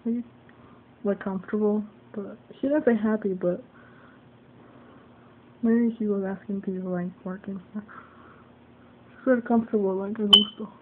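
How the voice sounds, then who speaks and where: A woman's voice: medium pitch, steady tone, moderate pace, pauses often. A woman telling a story into her phone camera, swearing freely and acting out both sides of an argument. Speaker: vlogger. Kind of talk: casual venting story. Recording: tinny phone-like audio, faint hiss.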